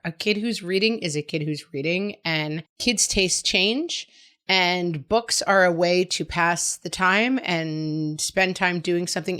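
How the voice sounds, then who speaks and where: A woman's voice: lowish voice, fairly bright tone. A middle-aged woman hosting a podcast, giving frank, chatty, reassuring parenting advice. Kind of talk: casual advice monologue.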